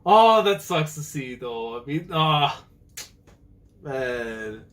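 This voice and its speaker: A young man reading a manga chapter aloud and reacting live, excitable and slangy, often acting out the characters' lines. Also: fairly high pitch, extremely slow.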